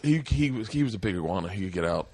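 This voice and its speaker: A man's voice: low voice, animated, rapid-fire, darkish tone. A man in his forties hosting a podcast, telling rambling, profane stories and laughing his way through them. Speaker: podcast host. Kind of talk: casual storytelling.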